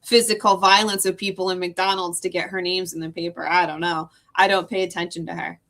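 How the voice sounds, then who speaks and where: Bright-voiced dismissive woman panelist. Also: fairly low pitch, little pitch movement, a little fast. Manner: dismissive, offhand. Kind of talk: casual talk show commentary.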